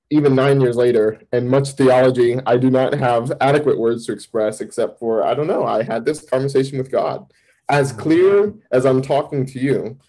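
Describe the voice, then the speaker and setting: A man, a campus minister, giving a candid personal testimony in an interview, telling it vividly with sudden jumps in pitch. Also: dark tone, low-quality recording.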